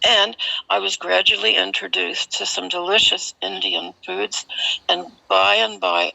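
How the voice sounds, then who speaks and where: A woman's voice: mid-range voice, gravelly, sharp tone. A woman telling a personal story from her time at an ashram, in an earnest, vivid way with small fillers. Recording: slightly muffled recording.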